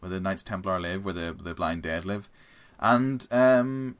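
A young man co-hosting a casual film podcast, rambling and animated as he talks, with bursts of laughter. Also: low voice, measured pace. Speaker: podcast co-host. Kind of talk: casual chat about horror films.

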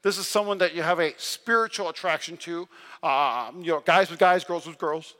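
A man's voice: fairly high pitch, moderate pace, sharp tone. A man preaching a sermon in a large church, telling stories with energy and self-deprecating humor. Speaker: pastor. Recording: long reverb of a large hall.

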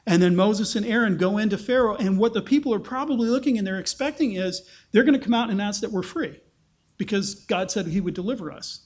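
A man preaching an expository sermon in an animated way, acting out the quotes he tells. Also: fast. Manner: animated, acts out quotes with rising pitch. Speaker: pastor.

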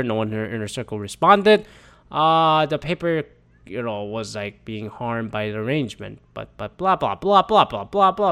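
A man's voice: mid-range voice, clear, resonant tone. A man ranting casually about celebrity news, rambling and swearing often, with many fillers and restarts.

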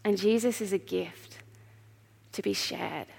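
A woman giving an earnest, heartfelt sermon in a church, with pauses. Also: mid-range voice, lively intonation, vocal fry, a little mellow, slightly rough. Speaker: preacher. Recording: long reverb of a church hall.

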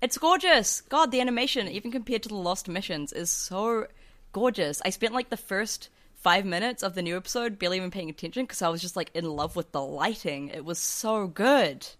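A woman chatting on a podcast with a bright, forceful voice. She tells stories with excitable energy and jumps into quoted voices. Her talk stays loose and casual. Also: medium pitch, fairly quick. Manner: excitable, animated storytelling. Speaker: podcast co-host. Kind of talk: casual chat.

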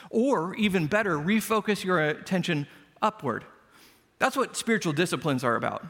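Here the preacher's voice is fairly high and fairly bright, expressive and a little quick. He talks through his sermon casually, teasing himself and leaning on everyday stories to land each point, with the church's long reverb trailing behind.

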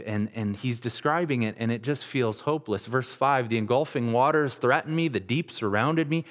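A male pastor in his thirties delivers an earnest, conversational sermon, stumbling into restarts as he goes. His voice sits in an ordinary middle pitch. The recording carries a long reverb from a church sanctuary. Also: normal speed, hardly any pauses.

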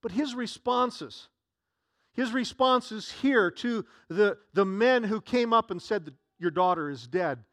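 High-voiced man preaching a sermon. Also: expressive, slow pace, fairly bright tone, no echo, studio quality. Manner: earnest preaching with repeated restarts. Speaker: pastor.

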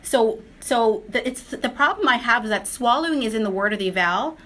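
A woman's voice: a little high, lively intonation, fairly bright tone. Woman discussion lead; probing, quizzing, casual clinical talk. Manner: probing, quizzing the others with rapid questions. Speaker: discussion leader.

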